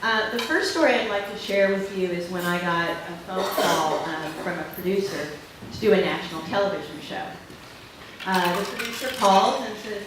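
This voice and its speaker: Woman keynote speaker, lively storyteller, recorded from far off in a roomy hall. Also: mid-range voice, normal speed, background noise. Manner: lively anecdotal storytelling with laughs. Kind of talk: storytelling speech to an audience. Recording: echoey hall from far off with dish clatter.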